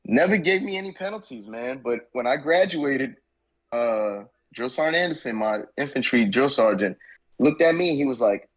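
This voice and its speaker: A man's voice: mid-range voice, expressive, moderate pace, rough recording. A man on a podcast telling joking stories in a laid-back, swearing, casual way. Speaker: podcast guest, army veteran. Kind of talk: casual chat, storytelling.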